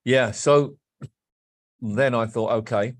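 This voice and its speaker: A band frontman from Wolverhampton, England, appears as a guest on a casual podcast interview, speaking slowly in a mid-range voice with fairly even intonation. He's candid and a bit rambling, often repeating himself.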